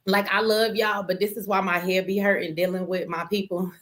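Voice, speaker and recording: Flat in delivery, with a mid-range, fairly bright voice at a moderate pace, a woman from Detroit rants on her casual livestream. She sounds tired and exasperated, addresses viewers directly, and curses freely.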